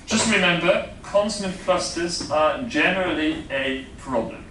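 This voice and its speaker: A man's voice: fairly high pitch, animated, a little slow, recorded from a distance, background noise. Dutch man lecturing in an echoey room. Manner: explanatory, hesitant with many fillers, checks in with "yeah?". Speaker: phonetics lecturer. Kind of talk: classroom lecture.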